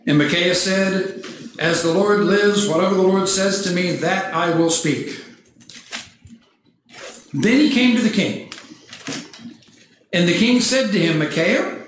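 A man preaching a sermon, reading scripture aloud and breaking into animated, mock-cheering asides. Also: high voice. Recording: echoey church hall, faint noise.

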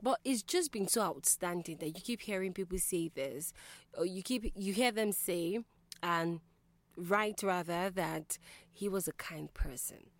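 A woman radio host with a fairly low voice talks to her listeners in a reflective, conversational way. She keeps asking them questions. The sound is dry and close, with no room echo. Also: a little slow. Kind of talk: radio call-in talk.

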